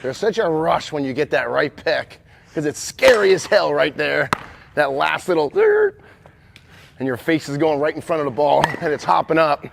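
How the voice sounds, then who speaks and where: Gravelly-voiced man coaching softball. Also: on the high side, normal speed, background noise. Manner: encouraging, rambling questions with many restarts. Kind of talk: coaching lesson and interview.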